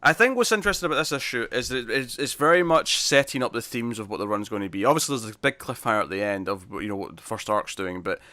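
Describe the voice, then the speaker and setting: British guy co-hosting a comics podcast, talks quick, bright tense voice, dry close mic. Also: medium pitch, lively intonation, no room sound. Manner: enthusiastic, acts out characters' lines in quotes. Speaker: podcast co-host. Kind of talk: casual comic book review chat.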